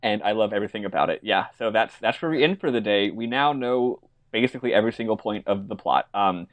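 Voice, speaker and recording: A man hosting a casual podcast chat, laid-back and quick to laugh, with some swearing. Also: lowish voice, no room sound. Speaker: podcast host.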